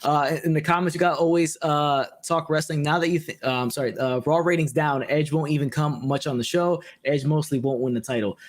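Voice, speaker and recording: A man's voice: a little high, fairly even intonation, fairly quick, few pauses. A man with a slightly raised voice chats loosely about wrestling, cursing freely and shrugging things off. He sounds laid-back and blunt, like he's hanging out with a friend. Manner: profane, blunt and laid-back, reads viewer comments. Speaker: wrestling show host. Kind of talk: casual podcast chat.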